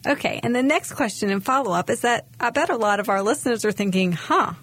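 A woman co-hosting a health radio talk show as a doctor, guiding the conversation clearly. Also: fairly high pitch, quick pace, dry recording.

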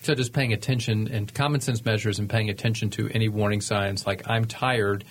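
A man's voice: on the low side, fairly even intonation, a little fast. A man in his fifties, a doctor co-hosting a radio health talk show, chatting conversationally with fillers and restarts. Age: 50s. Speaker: co-host, physician.

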